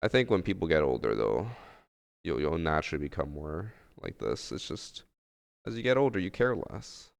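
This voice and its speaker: A man's voice: very deep voice, very animated, normal speed, gravelly. A man streaming games live, talking in a laid-back, rambling way full of fillers. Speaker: game streamer. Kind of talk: casual live-stream chat. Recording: long room reverb.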